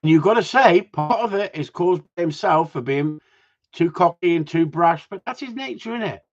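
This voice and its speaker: A man's voice: a little high, animated, moderate pace. Man, middle-aged, sweary live stream host, bouncy delivery, muffled recording. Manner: swears a lot, laughs often, chatty. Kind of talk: casual chat with viewers. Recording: dull lo-fi sound.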